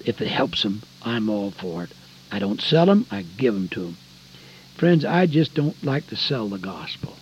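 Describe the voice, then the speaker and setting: An older man preaching a folksy radio sermon, emphatic, swinging between loud stretches and hushed ones. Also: on the low side, big pitch swings, moderate pace, highs cut off, slight background noise.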